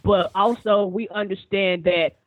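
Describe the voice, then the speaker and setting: A man's voice: sits high, fairly even intonation, unhurried, no room sound. Man on a tinny phone line. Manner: rambling, repeats words, swears casually. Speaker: podcast guest. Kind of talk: casual chat.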